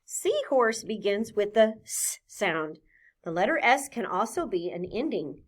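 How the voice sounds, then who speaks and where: A woman teaching a phonics lesson to young children, patient and clear, sounding out each letter sound deliberately. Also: medium pitch, very animated.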